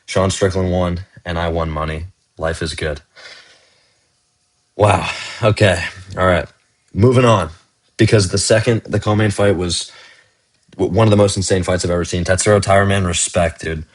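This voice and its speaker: A deep-voiced man talks through fight results in a loose, casual vlog. He is excitable and slangy, and he keeps dropping "man" and "bro" as he goes. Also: normal speed, pauses often. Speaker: fight commentary YouTuber.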